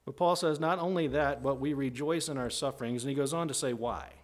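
A man preaching a conversational sermon in a teaching tone, often checking in with "right?" and acting out quoted voices. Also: brisk. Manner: acts out quoted voices with big pitch jumps.

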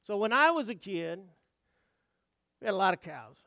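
High-voiced, bright preacher. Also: male voice, very animated, moderate pace, no echo, clean studio sound. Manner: dramatic swings from hushed asides to loud emphatic outbursts; folksy storytelling, asks the congregation questions. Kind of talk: sermon.

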